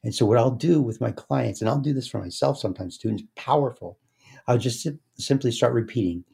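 A man speaking as an interview guest in a slow, meditative way, often trailing into soft, quiet chanting. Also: medium pitch, creaky, slightly rough. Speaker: guest, speaker and success coach. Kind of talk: casual interview talk.

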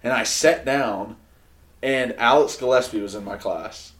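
A man's voice: medium pitch, a little slow, a bit bright. A young man, a guest and former player, telling a story casually and padding it with fillers.

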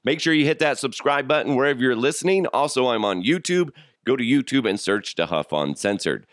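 A man in his thirties with a sick, rough throat, hosting a solo podcast in jokey, crude casual chat and laughing often. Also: medium pitch, animated, a little fast, dry recording, studio quality. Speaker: podcast host.

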